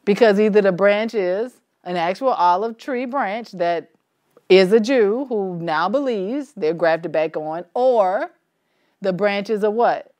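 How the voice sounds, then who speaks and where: In a medium-pitched voice, a little slow, a woman leads a church Bible study in a relaxed, conversational way. She asks the group questions and laughs easily.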